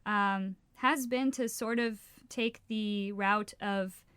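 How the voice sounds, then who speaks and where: A woman's voice: medium pitch, fairly even intonation, slow pace, fairly bright tone, smooth, no echo. A woman co-hosting a casual podcast, talking frankly and with feeling, swearing freely and often restarting her sentences. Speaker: podcast co-host.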